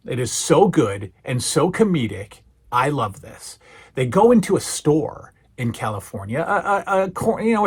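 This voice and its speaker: An enthusiastic male podcast host gives a casual review, often stumbling over and restarting his words. His voice sits a bit high for a man and has a husky grain. He sounds eager throughout.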